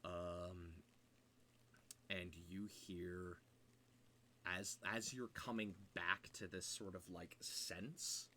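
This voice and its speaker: A man narrating a tabletop game as game master, setting scenes in a slow, hushed way with fillers. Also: low voice, fairly even intonation, slight background noise.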